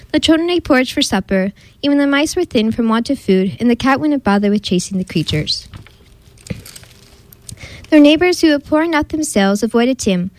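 A woman hosting a storytelling show, reading a picture book aloud with expressive narration. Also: high voice, no room sound. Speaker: host and storyteller.

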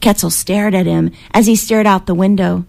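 A woman reading a picture book aloud as a guest reader, with expressive storytelling and voices for the characters. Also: mid-range voice, moderate pace, vocal fry.

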